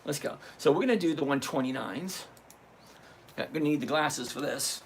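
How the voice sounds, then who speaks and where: Heavy background noise surrounds a man in his sixties running a live trading stream. His voice is a little high and creaky, at a moderate pace. He teaches casually, joking and swearing as he reads numbers out one step at a time.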